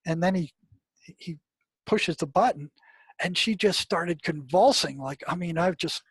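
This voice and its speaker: An older man, a retired mental health practitioner, recounting his experiences as an interview guest, animated and full of restarts. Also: high voice, measured pace, breathy edge, dry recording. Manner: animated, many restarts, exclaims when recounting. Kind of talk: storytelling interview talk.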